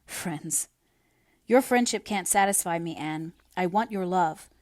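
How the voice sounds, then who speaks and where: A woman voicing an earnest young man in love, speaking quietly and steadily. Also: sits high, measured pace, no echo, clean studio sound. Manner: quiet, earnest, then bitter.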